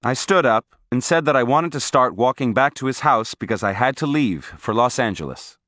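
Animated male audiobook narrator. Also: mid-range voice, moderate pace, no echo, studio quality. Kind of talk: scripted first-person narration.

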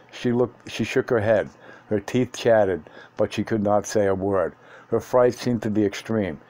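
A man narrates a first-person story in audiobook style, steady and measured with a few small restarts. His voice sits low and sounds warm and dark.

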